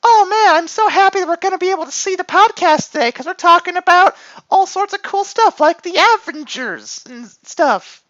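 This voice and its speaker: A man doing a bubbly anime-style girl voice in a giddy, gushing falsetto, a little off the mic. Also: animated, moderate pace, a bit bright, no room sound, highs cut off.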